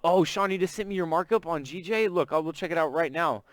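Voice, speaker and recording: A man's voice: fairly high pitch, fast talker, no echo. A man from Texas with a Southern accent, hosting a live trading stream in casual, chatty talk and greeting viewers by name. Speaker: forex trading stream host.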